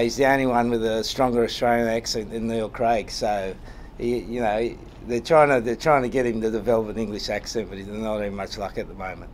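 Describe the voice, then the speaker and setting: A male rugby head coach answers reporters at a post-match press conference, bluntly and wryly, repeating phrases for emphasis and often ending with "mate." His mid-range voice is a little mellow, and there's a little hiss or hum in the recording.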